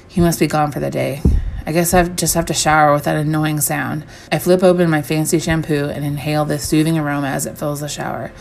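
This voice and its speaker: Low gravelly woman reading horror. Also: darkish tone, slight background noise. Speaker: story reader. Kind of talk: first-person horror story reading.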